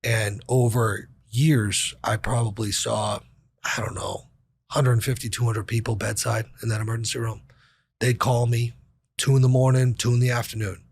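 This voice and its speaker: A man's voice: mid-range voice, flat delivery, moderate pace, creaky, husky. A man in his thirties telling a candid personal story in casual conversation, swearing casually and acting out quoted dialogue. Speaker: podcast guest.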